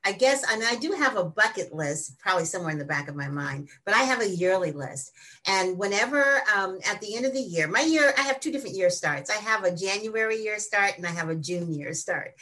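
A woman's voice: medium pitch, lively intonation, fairly quick, sharp tone. A woman hosting an interview, talking in a reflective, casual way and asking her guest long questions. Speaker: podcast host.

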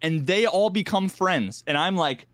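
A man co-hosting a podcast, telling a gaming story in casual, animated talk, acting out other players in quick voices and swearing freely. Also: high-pitched. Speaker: podcast co-host.

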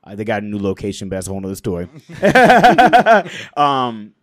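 A man's voice: lowish voice, animated, moderate pace, no echo. Laid-back man telling stories, dry sound. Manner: laughs often, loose with lots of "you know" and "like". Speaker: podcast guest, DJ. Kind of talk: casual storytelling interview.

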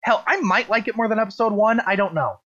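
A man hosting a casual chat, animated and quick to swear and laugh. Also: high-pitched. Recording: dull lo-fi recording.

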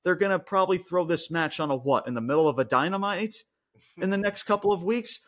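Dude ranting about wrestling, cusses a lot, kinda high voice, loud then low. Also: male voice, animated, fairly quick. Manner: profane, ranting, swings from loud outbursts to mutters. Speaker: podcast co-host. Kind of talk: casual wrestling review chat.

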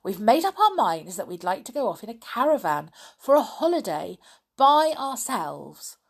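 An eager little girl tumbles over her words, pitched up high and bright. Her voice leaps about with excitement; a woman storyteller acts her out. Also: moderate pace, gravelly, exaggerated voice.

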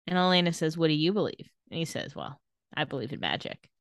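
A woman's voice: low voice, very animated, no room sound, studio quality. Playful woman recapping a show. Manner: playful, quick to laugh, acts out quotes lightly. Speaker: podcast co-host recapping a TV episode. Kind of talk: casual chat, retelling scenes.

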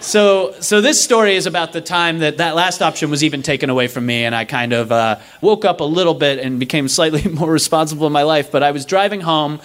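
A young man telling a story to a live audience, animated and self-mocking, acting out the people he quotes. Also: fairly high pitch, a little fast, hardly any pauses.

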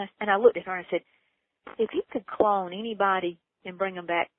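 A woman's voice: quick pace, dry recording. Earnest woman telling her story over a tinny phone line. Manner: earnest, emphatic, voice rising high with excitement. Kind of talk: personal storytelling interview.

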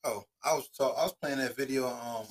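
A man co-hosting a podcast, chatting in a relaxed, slangy way and arguing his points. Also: medium pitch, fairly quick. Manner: laid-back, slangy, argues his point. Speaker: podcast co-host. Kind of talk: casual chat.

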